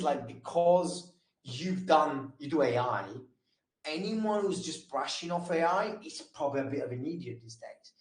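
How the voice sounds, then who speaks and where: A man's voice: a little high, a little mellow, roomy sound, poor audio. A man running a casual sales training session, talking loosely with lots of fillers and restarts. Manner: casual, talks fast with many fillers and restarts. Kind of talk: live training session on a call.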